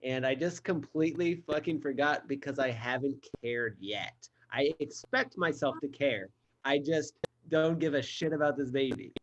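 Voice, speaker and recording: A man's voice: medium pitch, moderate pace, lo-fi sound, slight background noise. A man co-hosting a comedy stream, chatting casually in an irreverent, loose way and swearing freely. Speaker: comedy show co-host.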